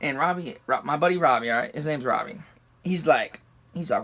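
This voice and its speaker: A man's voice: fairly high pitch, lively intonation, fairly quick, creaky, a bit bright. A young man from the rural United States telling a story casually, heated and swearing constantly. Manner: profane, heated retelling.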